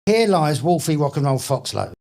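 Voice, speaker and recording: A man's voice: a little high, sing-song, moderate pace, gravelly, a little mellow. A middle-aged man with a Cockney accent, a guest chatting casually and telling jokey, swear-filled stories. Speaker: guest, author and actor. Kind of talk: casual interview chat.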